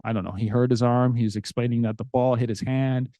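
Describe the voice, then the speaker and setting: A man's voice: medium pitch, a little fast, no echo. A man hosting a podcast, telling a personal story in an earnest, conversational way. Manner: conversational, earnest, animated retelling. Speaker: podcast host.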